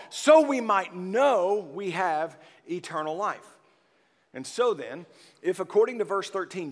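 A man preaching a sermon, his voice pitched fairly high for a man. He builds emphasis on key words and calls out for the congregation to answer. The sound carries a long reverberant tail from the church hall. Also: a bit bright. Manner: emphatic, rises and presses on key words, call-and-response with the congregation. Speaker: pastor.

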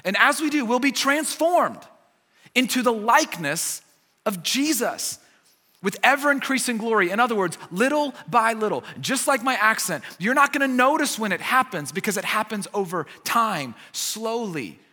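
Bright-voiced American man preaching in a reverberant hall. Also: extremely high pitch, expressive, normal speed. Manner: conversational preaching with repeated key phrases; self-deprecating humor. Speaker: pastor. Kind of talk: sermon.

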